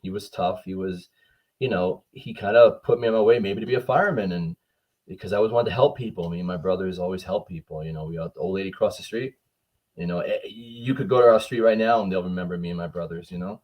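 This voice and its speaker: A man's voice: deep voice, quick pace, highs cut off. A man, a firefighter and art teacher, telling an earnest, heartfelt story as a guest in casual chat. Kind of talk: casual video-call chat.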